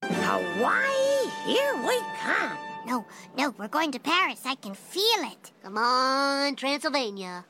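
A woman's voice: big pitch swings, slow pace, exaggerated voice. A woman voicing eager cartoon children from a show clip, with music playing behind. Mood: excited. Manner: eager, shrill. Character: excited cartoon family kids.

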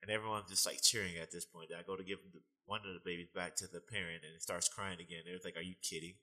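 A young man being interviewed, telling animated stories and laughing often in casual talk. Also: low-pitched, fast talker, rough recording. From United States. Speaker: guest, fitness trainer.

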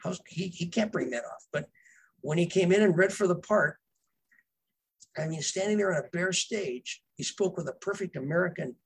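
A man's voice: on the high side, slight background noise, poor audio. A man, a novelist guest, telling casual behind-the-scenes stories in a rambling way, with fillers and restarts. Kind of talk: casual storytelling.

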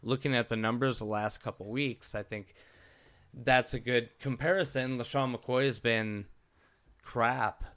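A man's voice: mid-range voice, steady tone, unhurried, fairly bright tone. A man co-hosting a casual fantasy football podcast, easygoing and joking, with some hesitant fillers.

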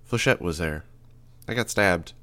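A man's voice: low voice, animated, a little slow, a bit bright, no room sound. A man voicing a guarded teenage girl who talks in a dry, understated way. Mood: curt.

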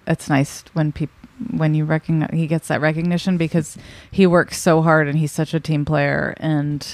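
A woman with a low-pitched voice, a radio producer speaking as a guest on a podcast. She talks with warm enthusiasm and often stops to restart a thought. The sound is dry and close to the mic. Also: flat delivery, normal speed, no room sound. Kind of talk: casual interview chat.

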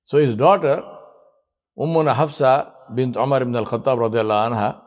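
A man preaching a sermon as a storyteller. He asks rhetorical questions, weaves in Arabic honorifics, and drops soft and low on them. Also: steady tone, brisk.

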